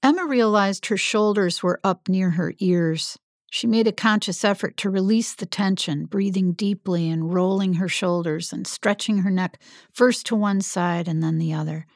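Female audiobook narrator, even and descriptive, gravelly tone, dry close mic. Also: mid-range voice, normal speed, no room sound.

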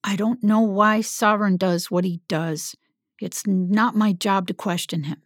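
A woman voicing a calm, cautious man. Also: medium pitch, no echo, clean studio sound, close to an everyday voice. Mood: steadying. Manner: calm, warning, measured. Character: cautious adult man, steady friend.

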